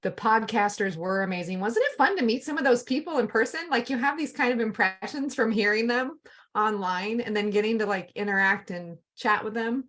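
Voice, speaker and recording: A woman's voice: on the high side, brisk, fairly bright tone. A woman chatting casually over a video call, gushing with enthusiasm about people and events.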